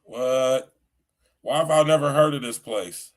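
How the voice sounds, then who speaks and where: A man's voice: mid-range voice, unhurried. A middle-aged man hosting a podcast livestream in a casual, slangy chat style, often saying "you know what I'm saying.". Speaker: podcast host.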